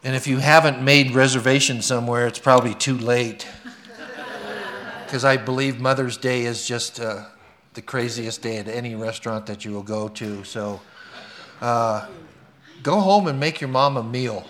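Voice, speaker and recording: Lively male pastor at a service. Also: mid-range voice, moderate pace. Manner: lively storytelling, earnest in prayer. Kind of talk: sermon with a read story and prayer.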